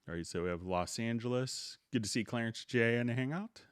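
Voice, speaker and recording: A middle-aged man hosting a live software tutorial stream in a relaxed, unhurried way, greeting viewers by name before he demonstrates. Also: mid-range voice, clean tone, no echo, studio quality.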